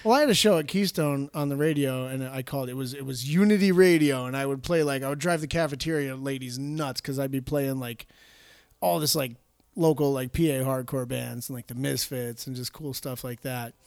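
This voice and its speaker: A man's voice: mid-range voice, brisk, gravelly, dry recording. A man in his forties telling rambling stories in a casual podcast chat, heavy on fillers. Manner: rambling, lots of fillers, animated when quoting. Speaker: podcast co-host.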